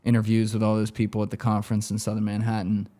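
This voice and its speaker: A man's voice: on the low side, completely flat delivery, fast, dark tone. A man telling stories as a podcast guest, in a loose, profane, laughing way. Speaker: guest, former banker turned interviewer. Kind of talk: casual storytelling on a podcast.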